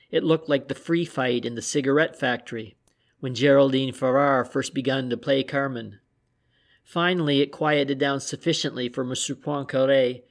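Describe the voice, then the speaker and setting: A man reading an old newspaper dispatch aloud as an audiobook narrator, at a measured, even reading pace. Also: medium pitch. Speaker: audiobook reader.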